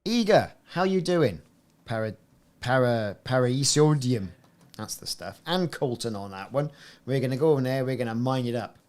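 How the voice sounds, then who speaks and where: A man's voice: mid-range voice, expressive, normal speed, a little mellow. A man giving chatty, rambling live-stream commentary while playing a game. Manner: chatty, rambling, self-interrupting. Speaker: gaming streamer.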